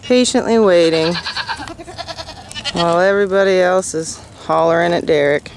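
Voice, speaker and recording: A woman running a casual farm vlog, chatting relaxed and cooing sweetly to her goats and dog outdoors. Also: lowish voice, normal speed, slight background noise. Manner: relaxed, talks sweetly to animals. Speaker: goat farmer vlogger.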